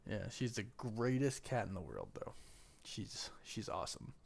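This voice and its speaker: A man's voice: fairly low pitch, very animated, unhurried, creaky, slight background noise. A man hosting a casual live stream from home on a desk microphone, with a weak voice today, chatting and greeting viewers by name. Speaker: livestream host.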